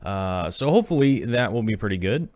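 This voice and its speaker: A man's voice: fairly low pitch, expressive, fairly quick, a little mellow, no room sound. A man in his thirties hosting a casual live stream, rambling with many fillers and reading viewer messages aloud. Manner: rambling, filler-heavy, reads chat aloud. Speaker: aquarium channel host.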